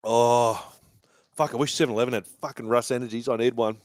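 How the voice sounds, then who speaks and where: A man's voice: mid-range voice, steady tone, brisk, no room sound, studio quality. A man hosting a fan live stream from a bar, giving casual, sweary match commentary and banter.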